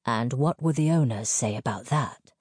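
A woman's voice: rumbling low, normal speed, darkish tone, slightly rough, dry recording. A woman voicing a man in his late thirties, a mining engineer who talks in a dry, clipped, dismissive way. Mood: firm.

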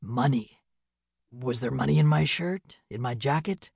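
A woman voicing an injured, confused young man whose voice is hoarse and uneven, speaking weakly in short, halting phrases. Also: rumbling low, darkish tone, dry recording, studio quality, pitched below the performer's own voice, heavily acted. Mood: weak, dazed.

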